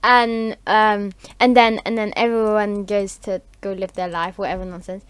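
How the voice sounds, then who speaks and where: A woman's voice: mid-range voice, little pitch movement, moderate pace, smooth, dry recording. A woman improvising a rambling story, full of fillers and restarts, on a close home mic. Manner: rambling, filler-heavy, giggly.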